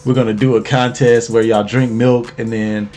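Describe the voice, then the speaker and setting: A man's voice: mid-range voice, level tone, normal speed, a little mellow, soft background music. A man casually recapping an anime episode as host, laid-back and slangy, laughing as he tells it.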